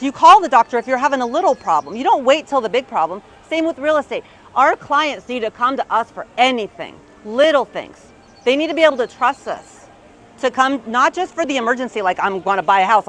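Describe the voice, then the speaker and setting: A woman in her fifties, a real estate agent giving a motivational keynote story on stage, lively and peppered with "right?". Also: on the high side, low-quality recording. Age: 50s. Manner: lively, tag questions like "right?". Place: conference stage.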